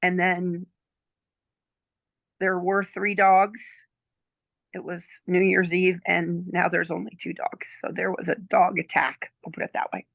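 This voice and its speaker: A woman's voice: lowish voice, flat delivery, measured pace, vocal fry, a bit bright, no room sound. A woman in her sixties, a former nurse, telling a chatty story as a client testimonial, often checking in with "okay?" and "right?". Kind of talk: casual storytelling chat.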